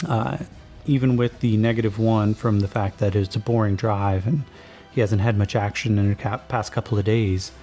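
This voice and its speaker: A man's voice: lowish voice, steady tone, moderate pace. A man narrating as game master of a tabletop game, talking in a laid-back, rambling way with many fillers. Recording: soft background music.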